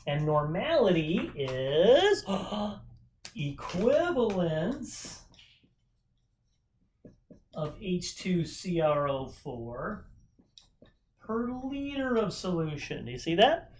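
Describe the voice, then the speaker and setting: A man teaching a chemistry lesson in a casual, upbeat way, often checking in with rhetorical questions. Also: fairly high pitch. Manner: upbeat, chatty, asks frequent rhetorical questions. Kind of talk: informal recorded chemistry lesson.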